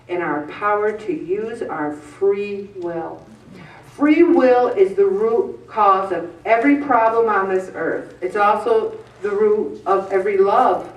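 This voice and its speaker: A woman in her fifties leading a group, earnest and preachy, slipping in joking asides. Her mid-pitched voice sounds a little distant from the mic, in a room with a clear echo. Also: highs cut off. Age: 50s. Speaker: weight-loss group leader. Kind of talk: preachy motivational talk to a group. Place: meeting room with an audience.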